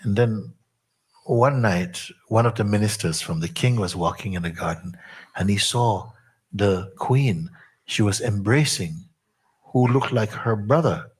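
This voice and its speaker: Husky, deep-voiced spiritual teacher. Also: male voice. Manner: gentle, unhurried, playful storytelling. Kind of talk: spiritual talk with storytelling.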